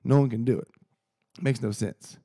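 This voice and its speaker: A man's voice: mid-range voice, steady tone, moderate pace, mellow, breathy edge, no room sound, studio quality. A man hosting a casual solo podcast, rambling and heated, swearing freely. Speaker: podcast host.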